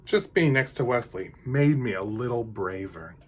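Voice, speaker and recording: Animated man reading a picture book. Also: medium pitch, normal speed, a little hiss or hum. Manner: animated, with hushed asides to the kids. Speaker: drag queen storyteller.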